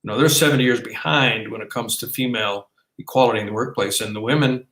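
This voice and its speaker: A man's voice: medium pitch, fast, a bit bright. A man co-hosting a casual podcast, talking in a rambling way with many restarts and fillers. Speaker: podcast co-host. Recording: roomy echo.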